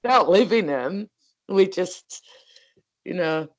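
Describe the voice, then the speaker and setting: A woman's voice: lowish voice, animated, slow pace. Chatty Northern English woman, rambling. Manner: rambling, chatty, laughs often while telling a story. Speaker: co-host. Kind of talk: casual chat.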